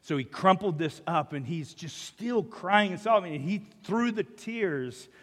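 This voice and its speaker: An American man, a pastor, preaching a sermon and telling a story with many restarts, dropping to a hush and rising loud again. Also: high-pitched, expressive, measured pace, big-room sound. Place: church sanctuary.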